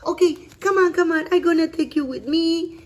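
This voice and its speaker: A woman voicing toddler dolls in a playful toy play video, with exaggerated gasps and cries, cooing gently to toy animals. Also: extremely high pitch, moderate pace. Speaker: doll play narrator.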